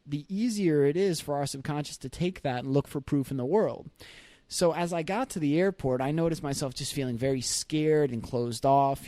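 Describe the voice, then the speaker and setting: A man hosts his own podcast, sharing a candid personal story in a reflective, conversational way with light laughs, voicing his own thoughts as quotes. His voice is fairly high and mellow, recorded dry.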